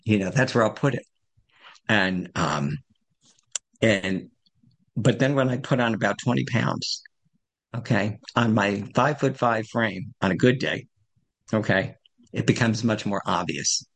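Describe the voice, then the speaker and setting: A man's voice: on the low side, unhurried, gravelly, long pauses, a bit bright. A man in his sixties telling his recovery story at a support meeting, rambling and self-deprecating. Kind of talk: personal recovery share.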